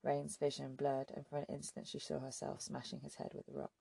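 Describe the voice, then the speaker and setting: A woman reading a novel aloud as an audiobook narrator, in a steady, measured storytelling manner. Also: rumbling low, vocal fry, breathy edge, no room sound. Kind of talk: scripted narration.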